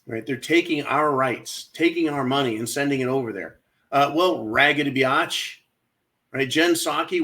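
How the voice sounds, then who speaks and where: Speaking at a normal pace in a sharp, mid-range voice, this channel host launches into a mocking political rant. He repeatedly addresses "folks" and tosses in "right?" with heavy sarcasm.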